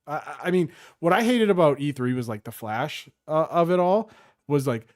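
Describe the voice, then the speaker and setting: A man's voice: on the high side, no echo, clean studio sound. A young adult man co-hosting a casual gaming podcast, riffing and mocking company voices. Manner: animated, quick to act out mocking voices. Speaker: podcast co-host. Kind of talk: casual chat.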